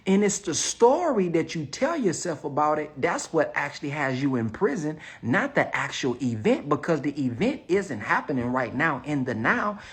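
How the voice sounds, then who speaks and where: A man's voice: fairly high pitch, big pitch swings, normal speed, hardly any pauses, a bit bright, slightly rough. A man talking casually to camera as an online business coach, reflective and emphatic, sometimes dropping to a near whisper. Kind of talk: casual motivational vlog talk.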